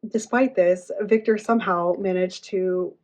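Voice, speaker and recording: A woman's voice: on the low side, steady tone, measured pace, a little mellow. A woman casually ranting in a book review, chatty and sarcastic, playing out the characters' lines herself.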